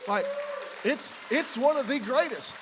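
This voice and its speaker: A man preaching a sermon, animated and conversational, slipping into quoted voices. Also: extremely high pitch, unhurried, crowd noise, background noise. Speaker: pastor. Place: large church auditorium. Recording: live church hall reverb.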